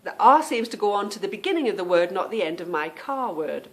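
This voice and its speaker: A woman's voice: medium pitch, expressive, fast, hardly any pauses, fairly bright tone. Woman host rambling on her podcast, chatty and amused at herself, lots of ums. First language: English. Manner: chatty and self-amused, explaining pronunciation with fillers. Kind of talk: casual monologue.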